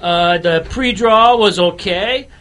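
Guy doing a bayou gator hunter voice, high-pitched drawl, rambles on with "you know" every other line. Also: takes it slowly, sharp tone, exaggerated voice. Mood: deadpan rambling. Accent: put-on Southern bayou drawl. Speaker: cigar reviewer. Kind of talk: comic radio cigar review.

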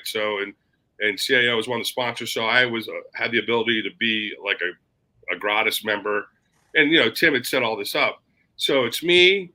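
A man in casual chat, telling a long, animated anecdote and swearing casually along the way. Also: mid-range voice, rough recording. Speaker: cigar industry storyteller.

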